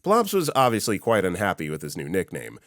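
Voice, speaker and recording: A man with a low-pitched voice and a lively, rising-and-falling delivery reads an online story aloud in a wry way. The recording is close and dry, with no room sound. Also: a little fast, dry recording. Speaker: story narrator. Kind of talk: reading a Reddit story aloud.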